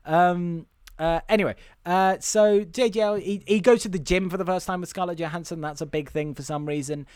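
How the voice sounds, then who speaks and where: A man with a fairly high voice talks through a film's plot on a podcast, joking and swearing as he goes. The sound is close and dry, with no room around it. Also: a little fast, clear, resonant tone, no room sound. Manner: swearing, joking, animated retelling. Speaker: podcast co-host. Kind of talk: casual chat recapping a film.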